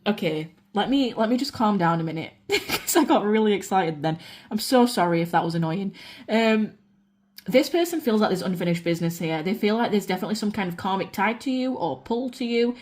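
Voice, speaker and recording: A woman from the UK giving a chatty, excitable pick-a-card tarot reading, talking straight to viewers. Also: mid-range voice. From United Kingdom. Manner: chatty and excitable, swears casually, addresses viewers as guys. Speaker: tarot reader.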